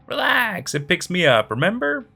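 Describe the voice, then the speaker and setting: A man voicing a reckless young man who is high, carefree and slurring his words. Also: huge pitch swings, normal speed, creaky, sharp tone, full character voice.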